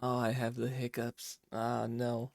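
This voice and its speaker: A man's voice: medium pitch, monotone, unhurried, vocal fry, no echo. A man streaming a horror game, joking with his viewers in casual commentary. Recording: game music behind voice.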